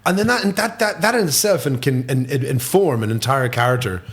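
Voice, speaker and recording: An Irish man chatting as a podcast guest, animated and swearing freely, dropping into quick impressions. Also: medium pitch. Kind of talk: casual chat.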